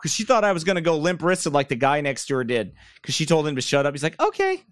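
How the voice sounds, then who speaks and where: A man preaching from a chair, blunt and mocking as he wanders into side stories. His voice sits a bit high for a man. The sound is dry and close, with little room echo. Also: fast talker. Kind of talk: sermon. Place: church room, speaker seated.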